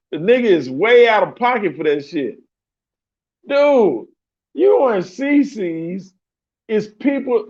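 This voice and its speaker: A man's voice: very high voice, darkish tone, dull audio. A man hosting a podcast, telling a story in a loose, profane way and laughing often. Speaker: podcast host.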